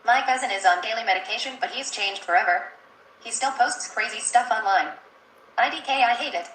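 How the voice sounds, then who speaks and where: A woman reading viewer comments aloud in an even, flat way. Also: fairly high pitch, a little fast, reverberant, slight background noise, rough recording.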